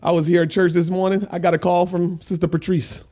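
A man preaching a sermon in church as pastor, swinging between loud preaching and quiet storytelling. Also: sits high, flat delivery, a little fast.

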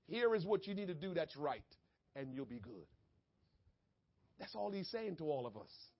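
A pastor preaching a sermon, swinging from quiet asides to shouted lines. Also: male voice, high voice, animated, moderate pace, vocal fry, dull audio.

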